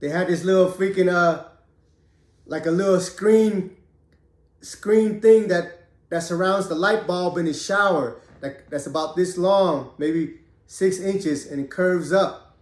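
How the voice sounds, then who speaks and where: A man telling his own prison story in a casual, profane, streetwise way, pausing often as he recounts it. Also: sits high, reverberant. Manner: streetwise, profane, drawn-out pauses.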